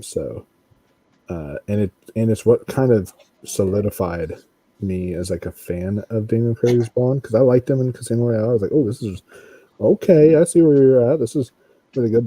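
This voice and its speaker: A man in a casual movie discussion, animated and quoting his own reactions. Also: low voice, slightly rough, no room sound. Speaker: podcast panelist.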